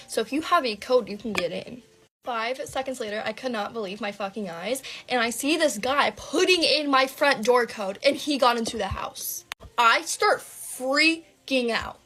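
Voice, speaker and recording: A young woman telling a wild personal story in casual storytime style, fast and dramatic, with lots of "like" fillers and swearing. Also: a little high, a bit bright.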